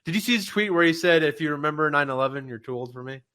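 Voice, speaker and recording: Bright, higher-voiced man ranting. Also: racing. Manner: animated, indignant, swears a lot. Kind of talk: casual chat.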